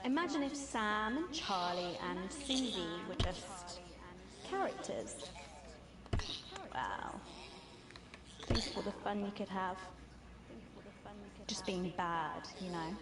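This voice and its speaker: An actress voicing a sly, seductive female villain who mocks and tempts, in a drawn-out teasing delivery. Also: mid-range voice, animated, echoey room. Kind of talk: video game voice acting. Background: loud game music.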